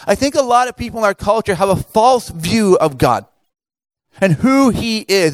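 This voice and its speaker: A man speaking at a camp, telling a funny story in a lively way with many fillers and laughs before turning it into a sermon. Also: sits high, no room sound. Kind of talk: humorous sermon to campers.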